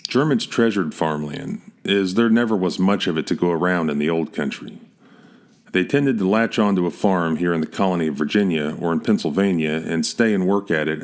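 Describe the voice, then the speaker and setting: Deep-voiced man narrating frontier history. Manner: steady, measured reading with small slips and restarts.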